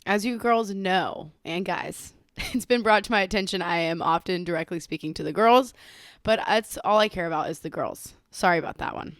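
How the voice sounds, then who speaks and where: A young Southern-accented woman hosts her podcast, chatting loosely and laughing at herself, a little slowed by a covid bout. Her voice sits on the low side and the recording is close and dry, with no room sound. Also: no room sound. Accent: Southern American. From Southern United States. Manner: giggly, playful, self-mocking. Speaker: podcast host. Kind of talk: casual chatty monologue.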